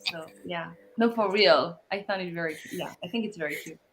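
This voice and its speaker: Woman, bright short replies. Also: on the low side, fairly quick, faint music behind. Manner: soft-spoken, short replies, giggly. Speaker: co-host. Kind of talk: casual chat.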